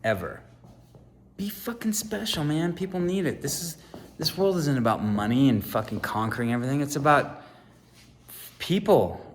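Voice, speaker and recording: 50s guy venting to camera, swears every other word, gets loud then goes soft and quiet. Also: a little high, lively intonation, moderate pace, long pauses, slight background noise. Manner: swears constantly, swings between loud ranting and quiet musing. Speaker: contractor and aspiring sandwich maker. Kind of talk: profane personal rant to camera.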